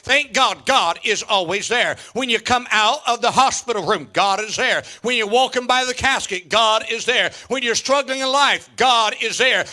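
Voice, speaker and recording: Fifty-something pastor preaching hard, super bright sharp voice, repeats lines, shouts now and then. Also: male voice, very high voice. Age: 50s. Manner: emphatic preaching with repetition and sudden shouts; joking asides to the congregation. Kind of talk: sermon.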